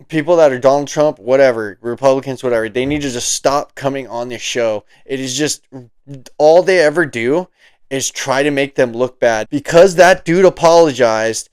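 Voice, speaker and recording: A man rants through his own commentary, heated and mocking, swearing freely. His voice sits a little high and comes through smooth and clean. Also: no echo. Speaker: political commentary host. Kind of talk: ranting commentary.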